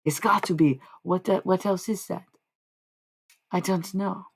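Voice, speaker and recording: Low, gravelly-voiced woman musing aloud. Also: fairly even intonation, a little slow, poor audio. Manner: musing, meandering, often restarts and corrects herself. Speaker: livestreamer and self-described medium. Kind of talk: rambling livestream monologue.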